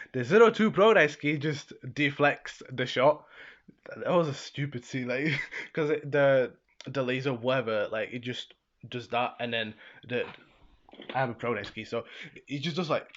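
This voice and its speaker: A man's voice: medium pitch, normal speed, a bit bright. A young man casually recapping an episode in a rambling way, full of fillers and laughs. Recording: slightly dull lo-fi sound.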